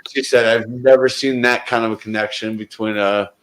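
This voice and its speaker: A man's voice: medium pitch, steady tone, moderate pace, a bit bright, roomy sound, slight background noise, rough recording. A man in casual group conversation, telling a heartfelt story in a rambling way, often restarting his sentences. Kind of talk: casual chat.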